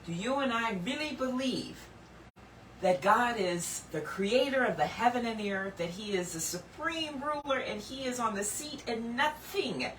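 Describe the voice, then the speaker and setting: A woman giving sermon-style Bible teaching, earnest and emphatic, lifting some lines high and dropping others low and hushed. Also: animated, moderate pace, echoey room, distant mic, slight background noise, poor audio.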